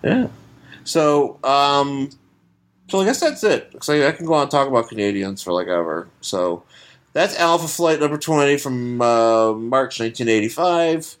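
A man's voice: medium pitch, expressive, moderate pace. A man from Buffalo co-hosting a comics podcast, chatting casually and rambling with many restarts and laughs. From Buffalo, New York. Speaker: podcast co-host. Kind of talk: casual chat.

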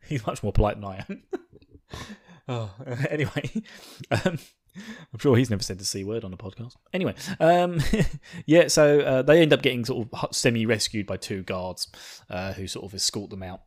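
An excitable man hosting a casual podcast. He rambles, laughs, and swears freely. His voice sits at an ordinary middle pitch for a man. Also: normal speed. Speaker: podcast host.

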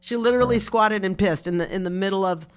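A woman guest on a podcast, telling a story in casual chat, animated and swearing. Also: medium pitch, fast talker, clean tone. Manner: animated, swearing, shouting in retold quotes.

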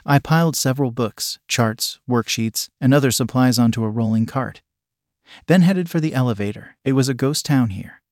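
A man reading a first-person story aloud at a steady, measured pace. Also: mid-range voice, no echo, studio quality. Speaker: narrator.

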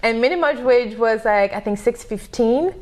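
A woman with a French accent, whose first language is French, chats as a podcast guest. Her voice sits a little high. She speaks emphatically and keeps checking in with her listener. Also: normal speed. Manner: animated, emphatic, asks "okay?" often. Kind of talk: casual interview chat.

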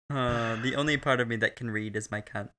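A man's voice: mid-range voice, sharp tone. A man co-hosting a casual, crude film recap chat, profane and laughing often. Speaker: podcast co-host.

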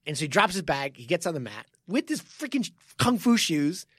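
In a clean studio recording with no room sound, a man with a somewhat high, husky voice talks a little fast. A martial arts coach and podcast co-host, he tells a story in casual chat, animated, laughing often and restarting a lot.

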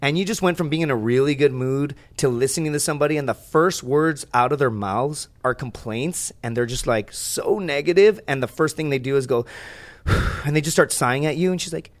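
Young man, podcast guest, casual storytelling, profane, rambling, animated. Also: mid-range voice, a little fast.

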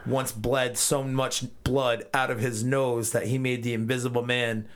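A man's voice: mid-range voice, level tone. Crude joking man recapping an episode. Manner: crude, jokey, acts out characters in quick asides. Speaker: podcast co-host. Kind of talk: casual episode recap chat.

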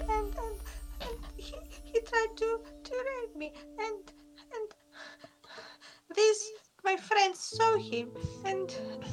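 A woman voicing a young female vampire who pretends to be a helpless child, stammering her pleas. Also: extremely high pitch.

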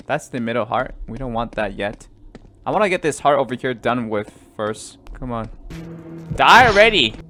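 A man commentating a horror game let's play, jumpy and easily startled, swinging between loud yelps and quiet muttering. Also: mid-range voice, very animated, moderate pace, faint music behind. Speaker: gaming YouTuber.

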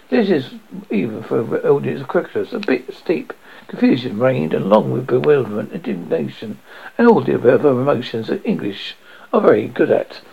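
Raspy guy reading a story out loud, lively up and down pitch, kinda lo-fi muffled. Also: normal speed, slight background noise. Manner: stumbles and restarts while reading. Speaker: audiobook reader. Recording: dull lo-fi audio.

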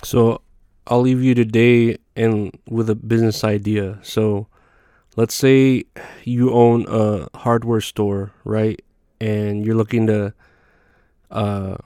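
A man's voice: on the low side, mellow, smooth, no echo, clean studio sound. A young man hosting a podcast, rambling through a profane comedic rant with lots of fillers and restarts. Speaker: podcast host.

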